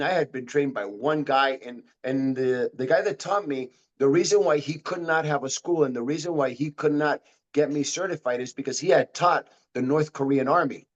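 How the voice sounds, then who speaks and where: A man who teaches martial arts, telling a story as an interview guest in an animated way, repeating and restarting his phrases. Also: mid-range voice, a little fast, muffled recording.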